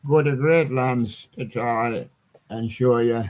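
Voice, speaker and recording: A man hosting a live stream, talking slowly and unhurriedly as he rambles from one record to the next. His voice sits at an ordinary middle pitch, and he reads song titles aloud in a loose, chatty way. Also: a little mellow, slight background noise. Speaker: host of a live music show.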